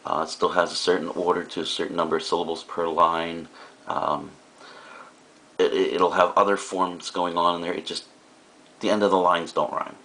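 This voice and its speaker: Deep-voiced male teacher, casual lecture. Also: little pitch movement, moderate pace, bright, forceful tone. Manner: casual and explanatory, with frequent fillers and asides. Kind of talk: recorded classroom lecture.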